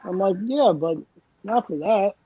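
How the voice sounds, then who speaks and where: A man's voice: high-pitched, expressive, measured pace, husky, no echo. A man with a New Jersey accent co-hosting a casual live-stream chat, crude and joking and swearing freely. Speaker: co-host. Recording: dull, dry lo-fi sound.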